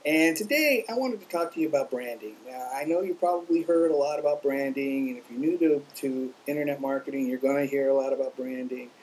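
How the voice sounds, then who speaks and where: A man's voice: mid-range voice, fairly quick, few pauses, darkish tone, a little hiss or hum, low-quality recording. A man talking casually to camera from his home about marketing, telling a story with plenty of fillers and asides. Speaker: vlogger on internet marketing.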